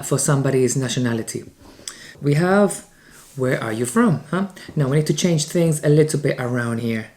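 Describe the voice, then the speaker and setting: A man from Spain with a Spanish accent, teaching a beginners' language lesson in an upbeat way, slowing down for the example sentences. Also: medium pitch, darkish tone.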